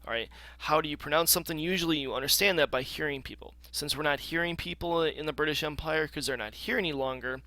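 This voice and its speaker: A man teaching a recorded geography lecture in a casual, explaining way, with frequent ums and throat clearing. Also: on the high side, fast talker, few pauses, bright, forceful tone, no room sound.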